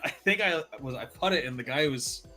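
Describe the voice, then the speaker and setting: A man telling animated stories in a relaxed group chat, swearing freely and laughing as he goes. His voice is bright and forward, and faint music plays behind him. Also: on the high side, brisk. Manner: animated storyteller, profane, laughing. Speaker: show regular. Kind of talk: casual chat.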